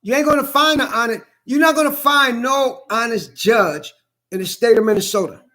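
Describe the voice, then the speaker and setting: A man's voice: very high-pitched, moderate pace, sharp tone. A middle-aged man in a blunt, profane ranting monologue who hammers the same points again and again.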